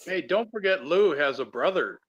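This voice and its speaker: A man's voice: fairly high pitch, expressive, normal speed, fairly bright tone. A man co-hosting a casual livestream, telling stories in an easygoing way. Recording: dull lo-fi, distant from the mic.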